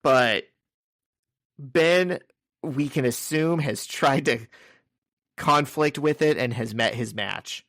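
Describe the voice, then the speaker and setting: A man in the middle pitch range chats loosely while he recaps a comic book page by page. He tosses in crude jokes. His voice sounds close and dry, with no room around it. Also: slow pace, pauses often, fairly bright tone, dry recording. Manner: crude, joking, recounts scenes in order. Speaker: podcast co-host. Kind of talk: casual chat recapping a comic.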